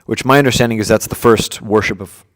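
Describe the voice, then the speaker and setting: Casual low-voiced man teaching a class. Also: fairly even intonation, fast, fairly bright tone, long reverb tail. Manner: casual, many fillers and restarts. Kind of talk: informal scripture class. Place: room with devotees present.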